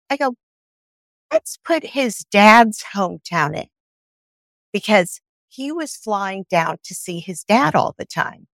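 A woman guest on a podcast, telling her own story in a lively way and acting out the dialogue she quotes. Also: mid-range voice, slow pace, dry recording.

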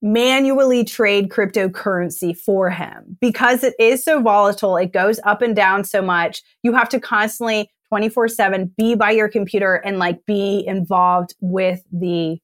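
A woman's voice: mid-range voice, fairly even intonation, normal speed, few pauses, no room sound, studio quality. A young adult woman telling her own story on a podcast, emotional and full of "like", acting out her past thoughts.

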